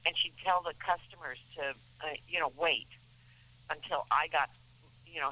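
A woman's voice: low voice, moderate pace, sharp tone, dry recording, poor audio. A middle-aged woman, an actress guest in a radio interview, talking in a chatty, rambling way with many restarts.

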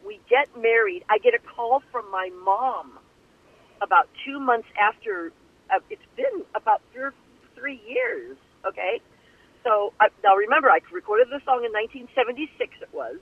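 An older woman telling her life story in an interview, animated and acting out the voices of the people she quotes. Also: fairly high pitch, normal speed, no echo. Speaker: guest singer. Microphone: telephone. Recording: tinny phone line.

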